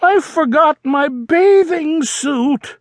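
A man's voice: extremely high pitch, expressive, slow pace, dry recording, pitched above the performer's own voice, full character voice. Froggy, a man voicing a squawky frog kid. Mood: alarmed. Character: excitable young frog boy, forgetful.

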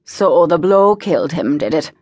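Woman voicing a snappy angry lord, bossy, clipped, lowish and dry. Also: expressive, moderate pace, mellow, no room sound. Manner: curt, commanding, snapping. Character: angry scheming nobleman, middle-aged man.

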